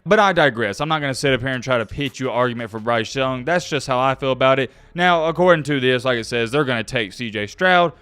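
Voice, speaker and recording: A young man talks through his sports opinions in a casual, emphatic vlog style, stressing key points and breaking into asides. His voice sits a little high and sounds smooth and crisp. The recording is close and dry, with no room echo. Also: fairly bright tone. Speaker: sports commentator vlogger.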